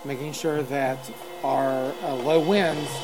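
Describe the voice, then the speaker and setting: A man giving live spoken feedback as a music judge, halting with many fillers and singing rhythms out as syllables. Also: mid-range voice, steady tone, background noise. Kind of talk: live spoken adjudication over a performance. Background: loud marching band music.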